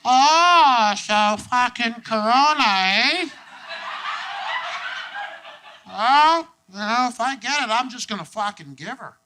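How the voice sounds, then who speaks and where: A crude, drawling Canadian guy, tossing off slang with a raised, higher voice, as a man puts him on. The recording is noisy, taken live from a stage. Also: animated, fast talker, pushed and bright, full character voice. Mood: jokey.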